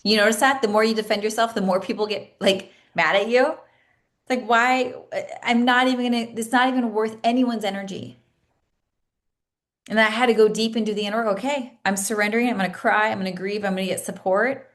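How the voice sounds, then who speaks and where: A woman's voice: mid-range voice, steady tone, brisk. Earnest woman coach, emotional storytelling. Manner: emotional, earnest, with many restarts. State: tearful at times. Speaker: coach leading a masterclass. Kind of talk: personal storytelling to a class.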